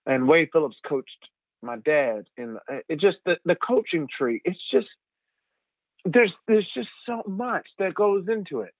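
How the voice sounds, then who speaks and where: A young man telling rambling, animated stories as a guest over the phone, laughing often. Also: a little high, unhurried, no room sound. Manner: animated, rambling storyteller who laughs a lot. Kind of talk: phone interview storytelling. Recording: tinny dry phone line.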